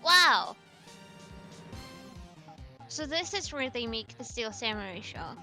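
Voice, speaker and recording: A woman's voice: a little high, very animated, takes it slowly, pushed and bright, faint music behind. A woman chatting and giggling while playing through a video game with a friend. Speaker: let's play co-player. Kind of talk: casual game commentary.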